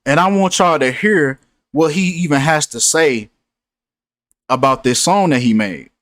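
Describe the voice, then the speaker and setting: A man talking to his viewers in a casual commentary, preachy and repetitive as he drives his points home. His voice sits a little high. The sound is close and dry. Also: a little slow, fairly bright tone, no room sound. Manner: preachy, repeats himself for emphasis. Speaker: host.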